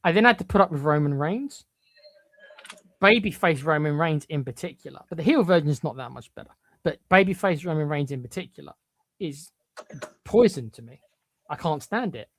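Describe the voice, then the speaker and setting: Podcast co-host, mid-pitched, blunt and emphatic, dry close sound, restarts often. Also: expressive, normal speed, long pauses, no room sound. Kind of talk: opinionated podcast chat.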